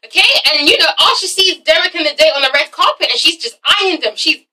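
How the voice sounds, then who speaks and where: A woman's voice: very high voice, brisk, sharp tone, recorded from a distance, rough recording. A woman reviewing a TV drama in a casual vlog, emphatic and profane, who keeps checking in with "okay?". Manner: emphatic, swears often, keeps asking "okay?". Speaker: TV show reviewer.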